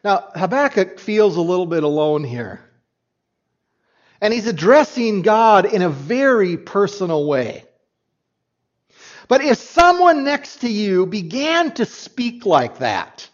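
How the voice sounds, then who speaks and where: A man preaching an animated sermon as a pastor, often restarting his sentences as he explains a passage to his congregation. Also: high voice, dull audio.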